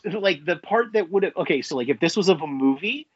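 A man in casual podcast chat, rambling and swearing, with a voice pitched a little high. The sound is dry and a bit dull, close to the mic. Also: lively intonation, fast, slightly rough, dry recording. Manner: rambling, swears freely, many fillers. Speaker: podcast co-host.

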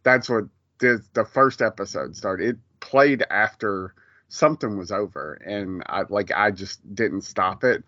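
A man co-hosting a pop culture podcast in a loose, rambling way, full of "like" and "um". His voice sits fairly low. The recording is dry and a bit dull, with a lo-fi edge. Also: unhurried, bright, forceful tone, no echo. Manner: rambling, many fillers and restarts. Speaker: podcast co-host. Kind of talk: casual pop culture chat.

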